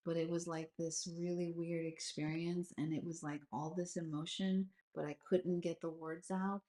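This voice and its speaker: Host, woman, 40s, low voice, rambling and lively over a video call. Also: roomy sound. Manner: animated, rambling, lots of fillers. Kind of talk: casual video call chat.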